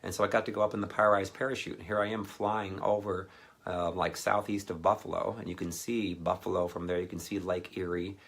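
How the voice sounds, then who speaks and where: A man with a low, gravelly voice tells a rambling personal story in a relaxed sermon. He drifts into animated quoted voices as he talks. His speech is loose and anecdotal, full of fillers and asides. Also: fairly quick. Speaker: ministry speaker.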